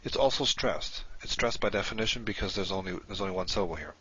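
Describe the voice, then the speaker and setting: A man's voice: lowish voice, quick pace, a bit bright, slightly rough, highs cut off. A man teaching a recorded lesson, explaining step by step and correcting himself as he goes.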